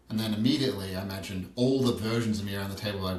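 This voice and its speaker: A low-voiced man in his thirties speaks candidly as a podcast guest, sharing stories and pressing questions again and again. He sits back from the mic, and the room rings around him. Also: rapid-fire, a little mellow. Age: 30s. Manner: reflective, storytelling, repeats questions for emphasis. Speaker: transformational coach, guest. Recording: roomy, distant from the mic.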